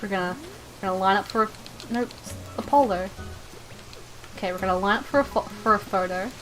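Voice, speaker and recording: A woman live streamer talks through her game in a loose, rambling way, tripping over and repeating words as she goes. She is playful and chats directly with her viewers. Her voice sits at an ordinary middle pitch, with soft game music in the background. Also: a little fast. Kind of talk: casual live-stream chat while gaming.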